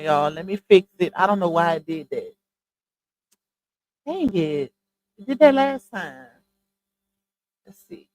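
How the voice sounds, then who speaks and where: Speaking in a mid-range voice on a low-quality recording, a woman chats with her audience during a relaxed gossip commentary livestream she hosts at home. She uses earphones with a mic and keeps calling viewers "y'all" and "child."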